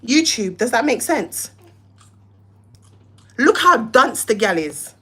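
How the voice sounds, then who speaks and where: Young woman, with slang, heated livestream rant, cussing, fairly high voice. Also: normal speed, breathy edge. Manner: animated, cussing, acts out both sides of phone calls. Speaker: live-stream host.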